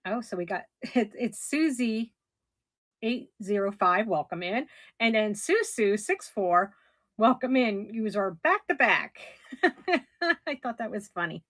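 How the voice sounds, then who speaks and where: A middle-aged woman running a casual live auction, chatty and somewhat hoarse as she loses her voice. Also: medium pitch, animated, slow, no echo. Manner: chatty, describes items warmly with soft laughs. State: losing her voice. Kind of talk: casual live-stream selling.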